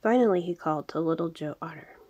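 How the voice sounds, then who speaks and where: A woman narrating a storybook in a gentle, half-whispered reading style. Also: low-pitched, fast talker, muffled recording. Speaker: reader.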